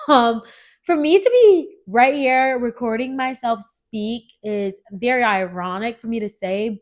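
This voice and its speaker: A woman's voice: a little high, takes it slowly. Woman, twenties, stuffy nasal voice from a cold, solo podcast host, chatty, earnest, filler words. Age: 20s. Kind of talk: casual solo podcast chat.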